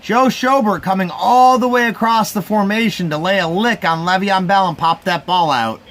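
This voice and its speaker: A man's voice: high-pitched, normal speed, fairly bright tone. A man hosting a live stream, giving casual, rambling sports reaction commentary to his chat. He sounds sleepy and keeps yawning. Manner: laid-back, rambling, talks to his chat.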